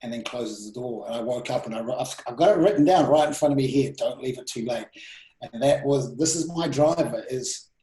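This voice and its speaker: A man in his thirties telling personal stories in an interview, animated and full of restarts and quoted self-talk. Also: medium pitch, brisk, few pauses. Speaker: guest speaker. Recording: roomy echo.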